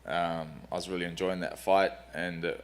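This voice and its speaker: A man's voice: low voice, little pitch movement, moderate pace. A male fighter answering a reporter candidly, with fillers. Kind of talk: press interview answers.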